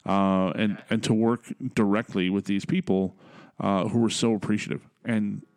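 A man's voice: on the low side, normal speed, dry recording. Laid-back man telling travel stories. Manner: laughs often, lively anecdotes. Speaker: podcast co-host. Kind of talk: casual storytelling chat.

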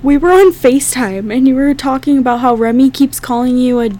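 Young woman, podcast co-host, casual chat, laughs often, swears, fairly high voice. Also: a little fast, warm tone, a little hiss or hum. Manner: laughing, profane, storytelling.

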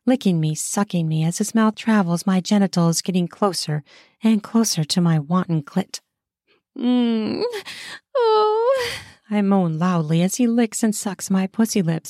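A woman narrates an audio story in the first person with a mellow, darker tone. Her telling is brisk and intimate, recorded close on a dry mic with no room sound. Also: on the low side, no echo.

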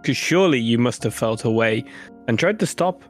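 Probing murder mystery player. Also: male voice, mid-range voice, animated, normal speed, soft background music. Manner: probing, hesitant restarts. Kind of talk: murder mystery role-play.

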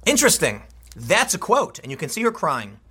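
A man in his thirties giving opinionated news commentary, sarcastic and exasperated, with quick asides. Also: fairly high pitch, huge pitch swings, pushed and bright, slightly rough. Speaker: political commentator.

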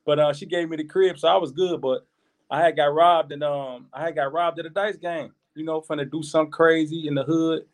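High-voiced man telling a story. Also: brisk. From Chicago. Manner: animated, slangy, repeats words while telling a story. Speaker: podcast guest. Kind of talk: casual storytelling.

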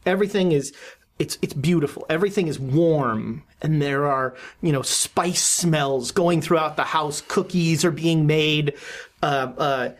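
A game master narrating a horror tabletop game, often pausing and restarting sentences. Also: medium pitch. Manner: halting, with many restarts and fillers.

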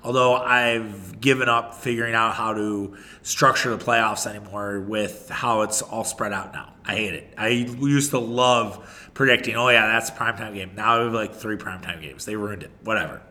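Bright-voiced man ranting about football. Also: on the low side, normal speed. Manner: rambling, opinionated, frequent restarts and swearing. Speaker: sports podcast host. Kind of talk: casual solo sports talk.

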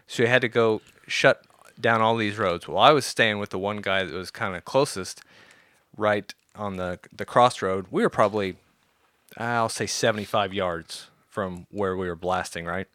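A man recounting a wild story in a loose, cursing, animated style. His tone is bright and punchy. The sound is dry and close, with no room around it. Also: fairly low pitch, normal speed, dry recording. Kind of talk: casual storytelling.

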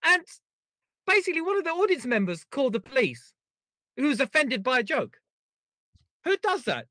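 A man co-hosting a podcast in casual chat, animated, jokey and self-mocking. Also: extremely high pitch, moderate pace, dry recording, studio quality. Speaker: podcast co-host.

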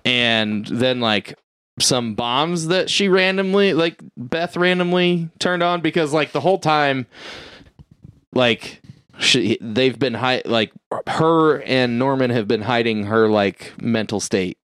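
A man rambling through a movie plot in loose, profane chat, filling his sentences with "like" and "uh". His voice is smooth and resonant and sits at a middle pitch. The sound is dry and close, with no room echo. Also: slow, fairly bright tone. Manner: rambling, profane, lots of "like" and "uh", acts out characters' lines. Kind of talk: casual movie recap chat.

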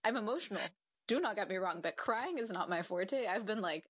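A woman's voice: mid-range voice, fairly quick, slightly rough, no room sound, clean studio sound. A young woman chatting as a podcast guest, telling stories with frequent laughter and acting out her own thoughts. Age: young adult. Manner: animated storyteller who laughs often and acts out her own thoughts. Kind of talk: casual conversational interview.

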